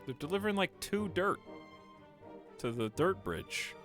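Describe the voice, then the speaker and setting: A man's voice: high voice, big pitch swings, unhurried, a bit bright, faint music behind. A man streaming a game live, rambling casually to his chat as he plays. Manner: rambling, talks to chat while playing.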